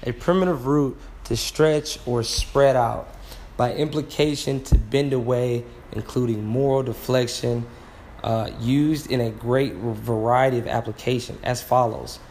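A man, slowly working through a Bible word study, sounding out words and marveling with frequent exclamations. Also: medium pitch, a little mellow, a little hiss or hum.

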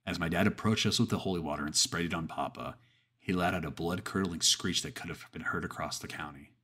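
Male horror storyteller, deep husky voice, earnest and deliberate. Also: sharp tone. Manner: earnest, measured, with pauses and restarts. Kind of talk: horror story narration and reflective commentary.

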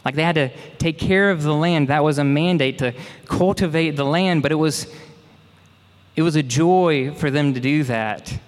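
A man's voice: on the high side, moderate pace, in a large hall. A young man from Mississippi, preaching a sermon in a conversational, folksy way with asides to the congregation. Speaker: pastor.

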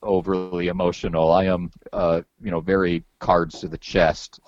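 A man's voice: sits low, level tone, moderate pace, darkish tone, no room sound, highs cut off. A man hosting a podcast in casual chat, rambling and loose with some swearing and many repeated words. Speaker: podcast host.

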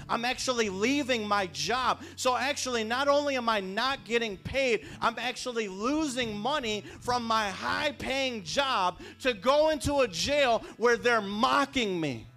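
A man preaching a sermon, telling personal stories and building to fervent shouts. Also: very high-pitched, unhurried, hardly any pauses.

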